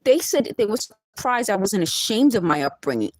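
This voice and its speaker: Indignant Bronx woman with lively pitch. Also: normal speed, dry recording. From the Bronx, New York. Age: 50s. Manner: emphatic, indignant, laughing asides. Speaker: vlogger. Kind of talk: direct-to-camera monologue.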